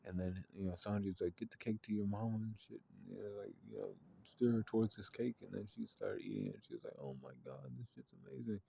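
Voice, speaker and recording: A man's voice: fairly low pitch, lively intonation, fast talker, vocal fry, hardly any pauses, dark tone. A man casually retelling a story in a rambling way, full of fillers and swearing. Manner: rambling, filler-heavy and profane.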